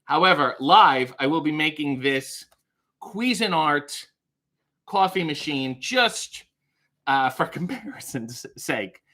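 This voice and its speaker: A man's voice: on the high side, animated, takes it slowly, bright, forceful tone. A man hosting a casual livestream from a small hotel room, rambling and joking as he chats with viewers. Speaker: livestream host.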